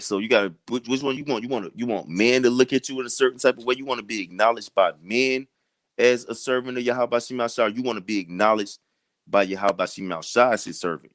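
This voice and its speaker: A man's voice: mid-range voice, no room sound. A man teaching scripture in a casual, repetitive way, building to emphatic questions. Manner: loose, repetitive, rising to emphatic challenges. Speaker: bible study teacher.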